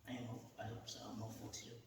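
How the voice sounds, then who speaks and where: A man's voice: lowish voice, completely flat delivery, very fast. Man, American accent, podcast host, filler-heavy, long reverb, faint noise. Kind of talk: casual interview chat. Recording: roomy echo, mic far off.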